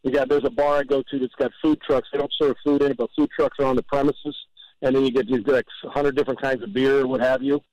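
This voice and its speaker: A man's voice: medium pitch, level tone, quick pace, darkish tone, dull audio. A man from Southern California talking as a guest on a sports radio show, rambling and joking with exaggerated stories and stammered restarts. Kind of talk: casual sports radio banter.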